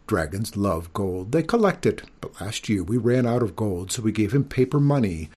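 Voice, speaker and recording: A man voicing a shrill, chatty young princess in a storybook reading, pitched up and quick. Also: very animated, darkish tone, husky. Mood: chattering.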